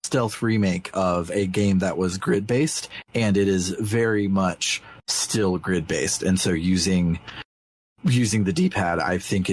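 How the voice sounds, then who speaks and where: Deep-voiced male podcast co-host, dry close sound, halting and eager. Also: dry recording. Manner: halting, frequent uh restarts, excitable when recounting scenes. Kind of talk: casual podcast chat retelling a video game.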